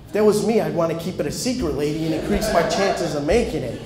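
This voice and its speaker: A man's voice: on the high side, quick pace, far from the mic, over a noisy crowd. A man doing a stand-up comedy set, punchy storytelling with acted-out dialogue. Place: comedy club stage before an audience. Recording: very echoey live club recording.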